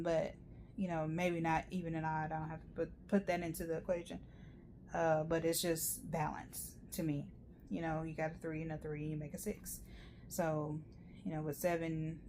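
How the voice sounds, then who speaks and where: Here a woman's voice sits low and darkish as she talks her way through a casual tarot reading, rambling with plenty of fillers and asides. There's slight background noise.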